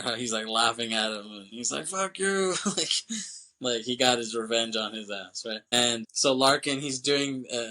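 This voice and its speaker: A man's voice: medium pitch, pushed and bright. A man hosting a podcast, casually retelling a film scene by scene, acting out the characters' lines and laughing often. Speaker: podcast host. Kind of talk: casual movie recap.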